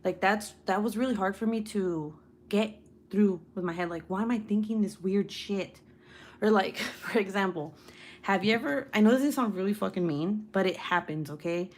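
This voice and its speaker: A woman's voice: medium pitch, brisk. A young woman hosting a casual livestream, chatting with viewers, swearing freely and laughing often. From United States. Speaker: livestream host reading viewer comments. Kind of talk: casual live chat.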